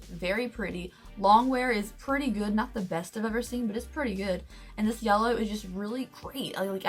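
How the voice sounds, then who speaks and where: A woman's voice: on the high side, fairly bright tone. A young woman from the United States chatting candidly and enthusiastically through a casual makeup review. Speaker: beauty vlogger.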